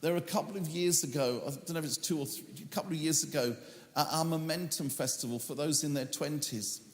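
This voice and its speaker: A man's voice: a little high, brisk, roomy sound, big-room sound. A man preaching a sermon as a pastor, telling a story earnestly and acting out the lines he once spoke. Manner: earnest storytelling, acts out his own quoted words.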